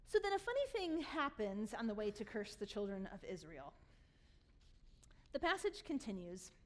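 A woman pastor giving a sermon, reading scripture aloud and retelling it in an animated storytelling way, laughing along. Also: mid-range voice, moderate pace.

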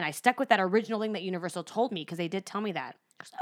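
A woman in her thirties telling a story on a podcast, fast and expressive, acting out the voices of the people she quotes and swearing freely. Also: on the low side. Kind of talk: animated casual storytelling.

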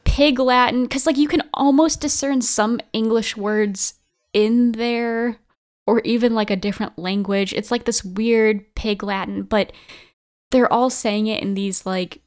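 A woman's voice: fairly high pitch, steady tone, measured pace. A woman in a casual game discussion, talking hesitantly with many fillers. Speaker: podcast panelist.

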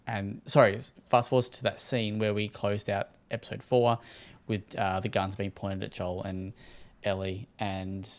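A man's voice: on the low side, flat delivery, a little slow. A man with an Australian accent, casually recapping a show episode as a podcast co-host, rambling and swearing. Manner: rambling, laid-back, swears and laughs often. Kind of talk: casual chat.

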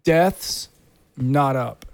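A man's voice: mid-range voice, drawn-out words, creaky, dry recording. A man co-hosting a podcast, talking in a blunt, rambling way. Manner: blunt, rambling, mocks accents. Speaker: podcast co-host. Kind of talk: casual banter.

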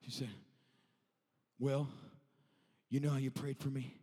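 A male evangelist in his thirties, preaching a revival sermon that moves from telling a story to shouting. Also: mid-range voice, little pitch movement, a little slow, slightly rough, in a large hall.

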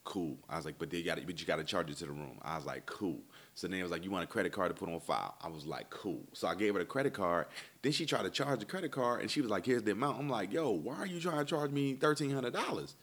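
A man with a low, deep voice spins a rambling comic travel story as a stand-up comedian. He slips into the voices of the people he met, quoting them with animated back-and-forth. His casual delivery stays conversational. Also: fast. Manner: animated, acts out dialogue in voices.

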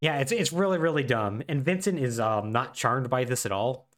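A man co-hosting a podcast, recapping a game with animated, sarcastic storytelling. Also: mid-range voice, moderate pace. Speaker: podcast co-host.

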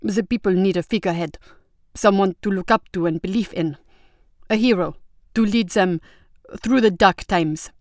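A woman's voice: mid-range voice, normal speed, no echo, clean studio sound, natural voice. A woman voicing an angry middle-aged male banker who grumbles and blusters, reading an audiobook. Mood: grumbling. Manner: grumbling, then shouting in rage.

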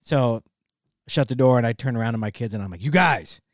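A man's voice: mid-range voice, quick pace, no echo, studio quality. A man in his forties telling a family story on a podcast, acting out the dialogue and laughing as he goes. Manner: animated storyteller who acts out quoted dialogue; laughs through his own stories. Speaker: podcast co-host or guest. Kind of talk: casual podcast chat.

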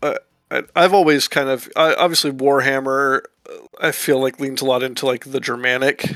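A man's voice: medium pitch, little pitch movement, brisk, fairly bright tone, no echo. A man co-hosting a podcast, chatting casually about a movie and often restarting his sentences as he hesitates. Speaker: podcast co-host.

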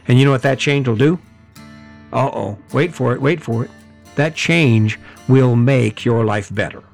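Energetic man giving a motivational talk. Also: mid-range voice, unhurried, gravelly, soft background music. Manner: energetic, conversational, with self-corrections. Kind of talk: motivational monologue.

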